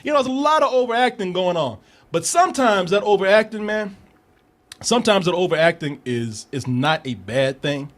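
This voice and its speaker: A man's voice: high-pitched, moderate pace. A man hosting a casual comedic movie review podcast, laughing often and acting out lines from the film. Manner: animated, laughing, quotes characters in exaggerated voices.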